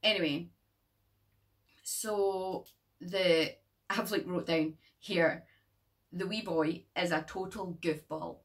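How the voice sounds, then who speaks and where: A young woman chatting through a horror film review, rambling and jokey, swearing freely. Her voice sits fairly low, and she sounds a bit back from the microphone. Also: fairly even intonation, slow, long pauses, distant mic. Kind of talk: casual vlog chat.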